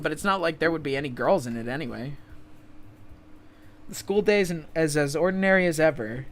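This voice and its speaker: A man's voice: fairly high pitch, fairly bright tone. A man reading a lazy teenage schoolboy. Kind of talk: reading a visual novel aloud.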